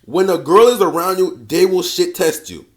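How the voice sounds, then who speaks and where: Speaking at a normal pace in a high voice, a male dating coach delivers an easygoing monologue laced with profanity. His talk is slangy and emphatic street speech, with phrases said again and again and the listener addressed as bro.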